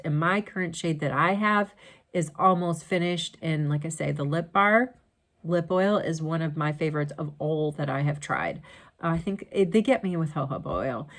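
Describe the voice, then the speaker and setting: Middle-aged lady vlogging from her basement, chatty and rambly, laughs a lot, kinda low voice. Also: fairly bright tone. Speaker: beauty vlogger. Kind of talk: casual chat. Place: home basement studio.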